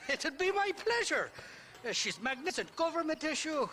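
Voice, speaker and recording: An actor playing a scruffy, talkative Irish drunk and thief, with an Irish accent and a rambling, flowery manner. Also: male voice, very high voice, very animated, normal speed, sharp tone, slight background noise, full character voice. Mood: chatty. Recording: game audio with hoofbeats and ambience.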